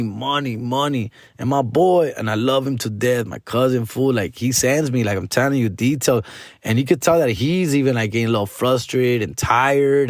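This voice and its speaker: A man's voice: medium pitch, dry recording, studio quality. A comedian and podcast host ranting in a casual, frustrated way, full of slang and swearing, dropping Spanish phrases into his English. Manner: frustrated, venting.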